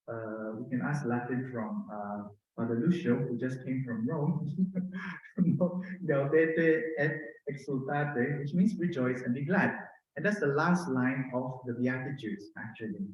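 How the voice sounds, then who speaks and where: A middle-aged man with a Filipino accent gives a conversational sermon in a gentle, personal way, often asking "no?". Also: mid-range voice, a little slow, muffled recording. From Philippines. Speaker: preacher. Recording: very echoey room.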